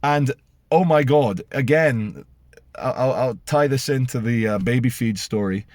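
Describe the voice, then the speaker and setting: A middle-aged British man ranting to camera as he tells a story, animated and sarcastic. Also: medium pitch, unhurried, dry recording. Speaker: vlogger. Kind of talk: casual storytelling rant to camera.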